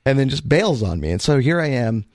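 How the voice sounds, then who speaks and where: A man co-hosting a radio talk show, telling a story in a casual, animated way and acting out the voices he quotes. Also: mid-range voice, a little fast, dry recording, clean studio sound.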